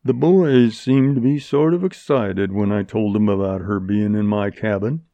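Gruff guarded outlaw man, as a narrator puts him on. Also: on the low side, normal speed, dry recording, natural voice. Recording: dull lo-fi recording.

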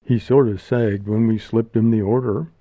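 A man's voice: fairly low pitch, steady tone, normal speed, dark tone, no echo, natural voice. A man voicing a vain young male actor in an audiobook, slangy and mock-solemn. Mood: sulky. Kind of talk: audiobook character voice.

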